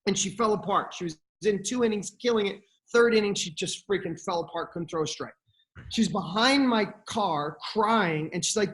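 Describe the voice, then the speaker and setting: A man's voice: high voice, moderate pace, fairly bright tone. A middle-aged man talking as a podcast guest, giving blunt motivational advice and swearing freely.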